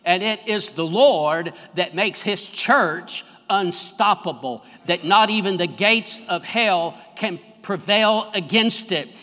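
A high-pitched man, preaching a fervent sermon to his church. His voice is bright and penetrating. It rings with the long reverb of a large sanctuary, and it climbs in force on the key lines. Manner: fervent preaching, swelling louder on key phrases. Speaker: pastor.

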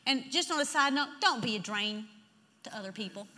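High bright woman preaching a sermon. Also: expressive, brisk. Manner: emphatic, leads the congregation in repeating scripture. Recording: long hall reverb.

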